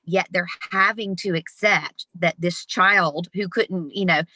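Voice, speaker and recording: A woman in her fifties, an animated guest telling stories with laughs in an interview over a video call. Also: on the low side, measured pace, no room sound. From Southern United States. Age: 50s. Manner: animated, laughing, lively storyteller. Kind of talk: storytelling interview.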